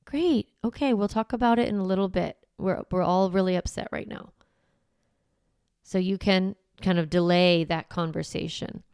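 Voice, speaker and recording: A woman's voice: on the low side, normal speed, a little mellow, clean tone, no echo, studio quality. A woman hosting a parenting podcast who explains things in a casual, reassuring way and keeps asking "right?". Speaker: parenting coach and podcast host. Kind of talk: conversational teaching podcast.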